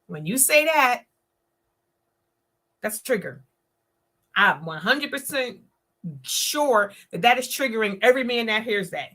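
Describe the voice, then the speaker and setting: A woman's voice: on the high side, expressive, a little slow, pauses often, pushed and bright. A woman hosting a live-streamed talk show, speaking emphatically and preaching her point, often acting out the words of others. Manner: emphatic, preachy, acts out quotes in voices.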